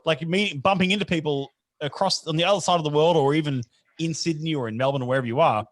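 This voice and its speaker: A man's voice: on the high side, fast, no echo. A man hosting a casual evening video chat, telling rambling stories and correcting himself as he goes. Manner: rambling, self-correcting storyteller. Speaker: host. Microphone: video call.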